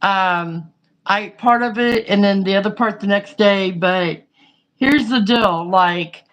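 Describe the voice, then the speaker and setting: In a low-quality recording, a woman with a medium-pitched voice speaks at a measured pace. She chats casually and frankly, rambling through a story with plenty of fillers.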